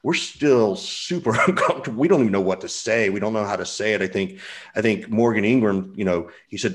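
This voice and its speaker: A man with a very deep voice hosts a podcast in a casual interview style. He speaks in a loose, conversational way and often restarts his sentences. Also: fairly quick. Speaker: podcast host.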